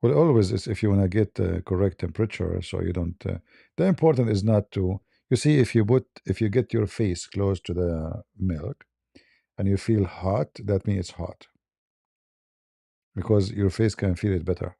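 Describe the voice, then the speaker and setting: Gravelly dark-voiced man chuckling through a story. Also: sits low, normal speed, no echo, studio quality. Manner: chuckling, broken English, many restarts. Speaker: host. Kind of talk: casual storytelling on a live stream.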